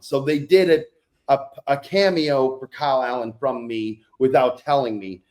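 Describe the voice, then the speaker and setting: A man's voice: mid-range voice, moderate pace, a little mellow. A man co-hosting a podcast, casually telling a self-deprecating story with frequent swearing. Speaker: podcast co-host. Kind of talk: casual chat.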